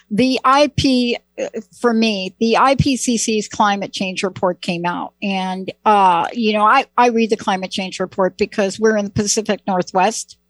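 A woman of middle pitch hosts a talk show, warmly enthusiastic and conversational. Her voice sounds close and dry, with no room echo. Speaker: host. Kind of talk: casual talk show chat.

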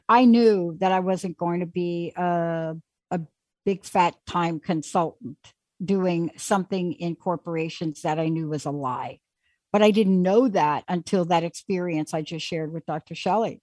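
A woman hosting a call-in talk show, talking in an animated, chatty way and taking callers. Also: on the low side, measured pace, no room sound. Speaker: host.

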